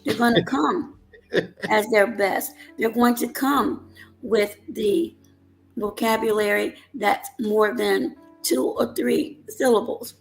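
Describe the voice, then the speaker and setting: A woman hosting a talk show, affirming her guest in a measured way. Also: mid-range voice, steady tone, gravelly, soft background music, rough recording. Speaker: host.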